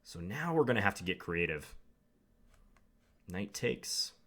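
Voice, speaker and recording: A man's voice: deep voice, very animated, unhurried, fairly bright tone. A young man commenting live on his own game, thinking aloud with wry, self-deprecating asides. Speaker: chess commentator.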